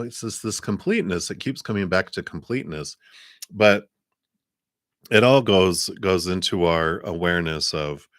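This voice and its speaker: A man giving a live-stream tarot reading, soft-spoken and meandering with many fillers, talking around a cough drop. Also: deep voice, dry recording, studio quality. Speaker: tarot reader.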